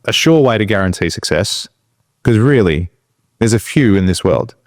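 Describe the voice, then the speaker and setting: A man's voice: lowish voice, animated, moderate pace, dry recording, studio quality. A man co-hosting a podcast, telling motivational stories in a casual, earnest way. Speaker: podcast co-host.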